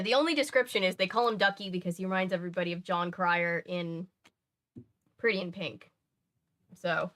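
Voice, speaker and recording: A woman's voice: lowish voice, a bit bright. A woman in her twenties, hosting a casual livestream, rambling and chatting with her viewers between bits of a book she is reading aloud. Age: 20s. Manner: rambling, chatty, self-interrupting.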